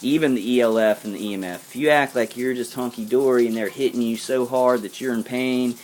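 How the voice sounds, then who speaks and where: A man's voice: medium pitch, fairly quick, a little mellow, slight background noise. A man talking casually to his viewers, rambling and earnest, often breaking off and restarting his sentences. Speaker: vlogger.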